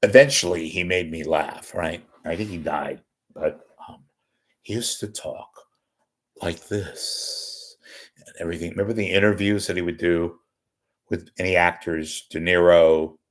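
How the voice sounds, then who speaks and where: A man with a very deep, low voice hosts a live talk show on his own. He meanders from story to story, interrupts himself, and drops dry wisecracks in an unhurried, deadpan way. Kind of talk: rambling live solo talk.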